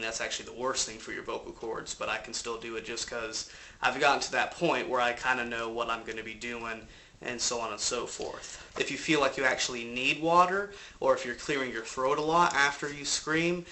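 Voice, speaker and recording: A man's voice: mid-range voice, bright, forceful tone, a little hiss or hum. A man with a cold, casually explaining vocal technique from his apartment in a loose, rambling way. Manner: loose, rambling explanations with fillers and occasional swearing. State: has a cold. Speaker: vocal coach. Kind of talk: casual instructional talk.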